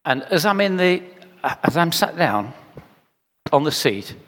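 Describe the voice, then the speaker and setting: A man's voice: fairly high pitch, big pitch swings, slow, fairly bright tone. An older man preaching a sermon, shifting into chatty storytelling and repeating phrases for rhetorical effect. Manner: conversational storytelling with rhetorical repetition. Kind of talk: sermon with anecdotes. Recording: reverberant hall.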